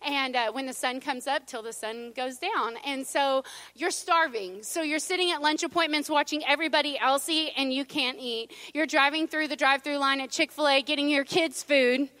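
Lady pastor preaching, high voice, chatty and joking with the church, dry close sound. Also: normal speed, sharp tone, no echo. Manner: chatty, storytelling, playful asides to the congregation. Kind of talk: sermon.

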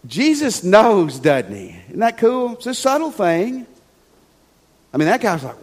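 A man's voice: sits high, wildly swooping pitch, unhurried, big-room sound. A man preaching a sermon as a pastor, emphatic and conversational, with frequent rhetorical questions. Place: church sanctuary.

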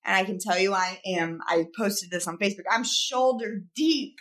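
A woman co-hosting a podcast, telling funny stories about her life in casual chat. She talks in an animated, self-mocking way and laughs as she goes. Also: medium pitch, moderate pace. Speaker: podcast co-host, photographer.

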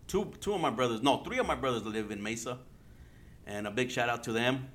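A man from Arizona talks loosely on his own podcast, rambling from one thought to the next with constant cursing and bits of Spanish slang. His voice is bright and forceful at an ordinary mid pitch, and he jokes and laughs at himself. There is a faint hiss of noise under the voice. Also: a little fast. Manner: rambling and heavily profane, slipping in Spanish slang. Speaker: podcast host. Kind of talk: casual solo podcast talk.

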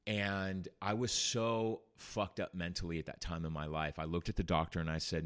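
A man's voice: low-pitched, fairly even intonation, normal speed, hardly any pauses, fairly bright tone, smooth, dry recording, studio quality. A man hosting a podcast, candidly telling his own recovery story with blunt, profane language. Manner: candid, blunt, swears freely. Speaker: podcast host.

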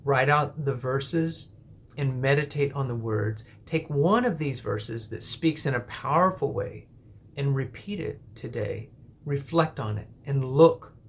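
A man hosting a devotional podcast, teaching through a psalm and leading a prayer in a measured, reverent way. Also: medium pitch, slight background noise.

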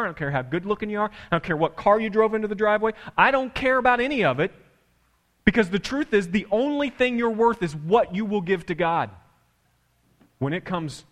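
A man's voice: high voice, fairly bright tone. A man preaching a sermon as pastor, impassioned and repetitive, often restarting his phrases. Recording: long church reverb.

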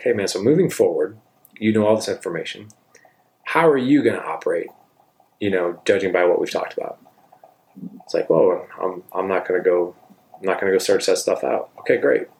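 A middle-aged man with a low, deep voice talks through parenting advice in an easygoing, chatty way. He often drops in "like" and "man" as he acts out his side of conversations with his kid. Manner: relaxed and conversational, with frequent "like" and "man". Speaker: father giving parenting advice. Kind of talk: casual advice talk with reenacted dialogue.

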